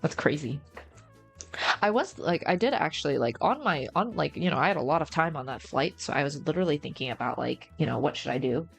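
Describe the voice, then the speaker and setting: A young woman VTuber chatting casually on a live stream, rambling and teasing, with low-quality mic sound. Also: expressive, brisk, creaky, husky, soft background music. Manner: rambling, repeats herself, teasing. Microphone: game chat headset mic, low sound quality.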